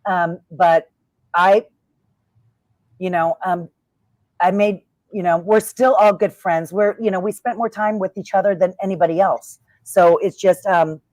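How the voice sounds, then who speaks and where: A fairly low-pitched woman's voice, measured in pace and free of room sound, belongs to a middle-aged former wrestler. In this easygoing interview she talks freely and expressively, doing the voices of the characters in her stories.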